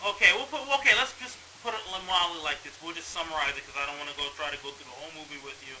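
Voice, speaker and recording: Bright, rambling man reviewing movies. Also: fairly high pitch, very fast, a little hiss or hum, poor audio. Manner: rambling, animated storytelling with lots of swearing. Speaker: movie review show host. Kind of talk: casual profane movie review chat.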